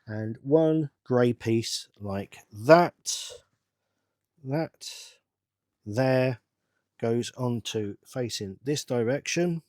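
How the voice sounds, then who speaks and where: A middle-aged man, rambling to himself in a casual build-along chat with bursts of excitement. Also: medium pitch, extremely slow, no room sound, clean studio sound. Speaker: channel host.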